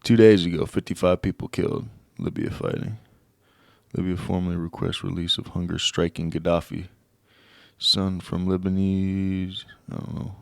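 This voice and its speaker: Young American male podcast host, casual and profane, stumbles through read-aloud text; slightly low voice, dry close recording. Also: creaky, dry recording. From United States. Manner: profane, rambling, looks things up on air and reads aloud haltingly. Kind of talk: casual solo podcast rant.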